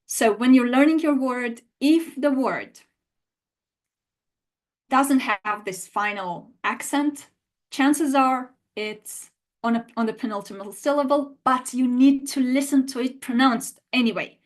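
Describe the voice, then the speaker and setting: A woman's voice: high voice, measured pace. A woman teaching a live online language lesson, talking straight to her viewers and answering their chat replies. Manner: lively, animated, talks to viewers directly.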